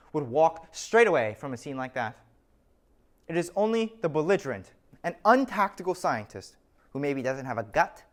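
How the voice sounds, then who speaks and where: A man narrates a scripted lecture and leans on stories to make his points. His voice sits a little high and moves around a lot, and he drops in wry asides.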